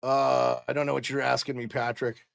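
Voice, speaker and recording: Heard at medium pitch and a moderate pace, a middle-aged Montana man with a gravelly yet smooth voice gives excitable live play-by-play for a fan stream at home. Between calls he chats with his viewers.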